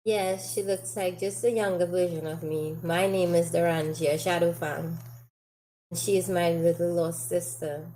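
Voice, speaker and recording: A woman's voice: fairly low pitch, mellow, a little hiss or hum, rough recording. A woman playing her character in a tabletop game, chatty and hesitant with frequent fillers. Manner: chatty, hesitant, laughs often. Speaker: player.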